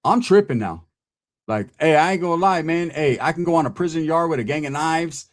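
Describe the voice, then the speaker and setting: A man casually telling a scary camping story, animated and profane, full of street slang and a constant "right?". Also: fairly high pitch. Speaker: podcast host telling a story.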